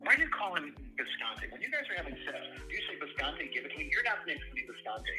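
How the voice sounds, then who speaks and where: A man's voice: a little high, very animated, quick pace, sharp tone, faint music behind, low-quality recording. A man calling in to a podcast, rambling and stammering, repeating his words as he talks. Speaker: caller. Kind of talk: call-in banter.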